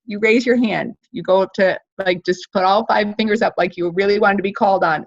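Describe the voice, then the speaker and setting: A woman coaching speakers at a live workshop, walking them through numbered steps with hand gestures in a lively, encouraging way. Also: mid-range voice, fast, highs cut off. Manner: animated, counts steps on her fingers.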